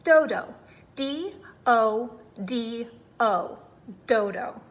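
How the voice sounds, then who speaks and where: A woman's voice: fairly high pitch, normal speed, pushed and bright. A woman voicing a gawky, polite but fussy little bird who corrects others with precise, exasperated emphasis.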